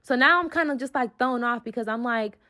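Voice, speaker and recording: A woman's voice: on the high side, a little fast, pushed and bright. Heated, profane young woman telling a story. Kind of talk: storytime vlog.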